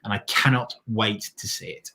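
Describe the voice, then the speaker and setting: A man's voice: fairly low pitch, moderate pace, creaky, bright, forceful tone. A man co-hosting a football fan watchalong, chatty and emphatic, often stumbling and repeating words. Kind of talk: casual fan chat.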